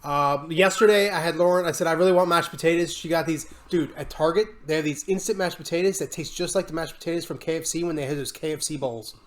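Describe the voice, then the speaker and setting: A man co-hosting a casual podcast, telling animated stories and acting out his own yelling. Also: on the high side, fast, few pauses. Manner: animated storyteller who acts out yelling. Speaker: podcast co-host.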